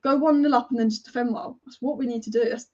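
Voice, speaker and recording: A young woman hosting a live football watch-along, excitable and casual, chanting and swearing as she reacts. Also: a little high, fast. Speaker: football fan livestream host. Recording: dull lo-fi stream audio.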